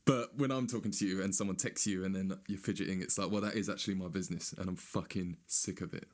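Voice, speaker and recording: A man with a fairly low voice, ranting in a stand-up monologue. He swears freely and sounds sarcastic, and now and then he mocks other people in a high whiny voice. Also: fairly even intonation, fast talker.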